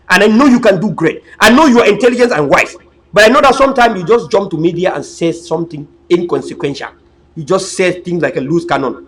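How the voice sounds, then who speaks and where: A man's voice: very high-pitched, a bit bright, a little hiss or hum, poor audio. A man giving an impassioned political talk, emphatic and preachy, repeating himself and stumbling over words. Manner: emphatic, repetitive, preachy, with frequent stammered restarts. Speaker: political commentator.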